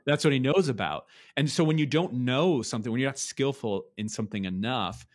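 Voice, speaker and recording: A man explaining ideas on beauty and art gives a conversational lecture, thinking aloud with frequent restarts and checking in with "right?". His voice is medium-pitched and brisk.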